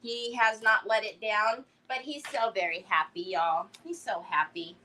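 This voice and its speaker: A woman's voice: medium pitch, a little slow, sharp tone, slight background noise, low-quality recording. A woman hosting a live crafting stream, chatting casually, giggling often and greeting viewers by name. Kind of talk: casual livestream chat while crafting.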